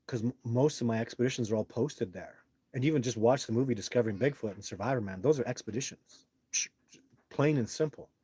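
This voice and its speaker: A man's voice: mid-range voice, no echo. Emphatic man ranting on a live stream. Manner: emphatic, heats up into loud indignant rants with cursing. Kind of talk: live stream monologue answering chat.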